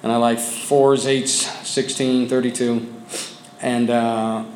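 Man giving halting testimony in an echoey room. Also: medium pitch, little pitch movement, darkish tone, slight background noise. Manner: candid, halting storytelling with many restarts. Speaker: member sharing his story at a support group. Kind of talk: personal testimony. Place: meeting room with a group of men. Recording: echoey room with faint ambience.

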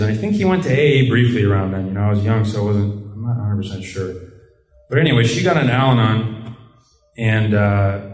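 A man's voice: medium pitch, a little mellow. A man from Michigan sharing his story at a recovery meeting, rambling with lots of "like" and "you know". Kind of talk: personal recovery share. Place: meeting room. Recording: roomy, distant mic.

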